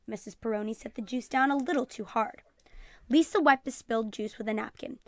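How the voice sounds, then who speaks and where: Expressive woman reading a children's book. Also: on the high side, a little fast, no room sound, clean studio sound. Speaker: teacher reading aloud. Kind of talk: children's book read-aloud.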